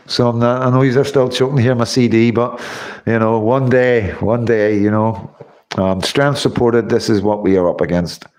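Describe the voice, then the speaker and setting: A man's voice: medium pitch, steady tone, normal speed, darkish tone. A tired man, hosting a casual livestream sign-off and thanking viewers by name. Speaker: livestream host.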